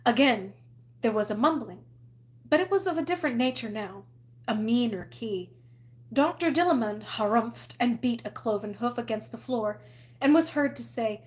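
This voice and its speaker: Woman reading a novel aloud, expressive. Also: on the high side, normal speed. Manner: expressive, storytelling. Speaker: reader.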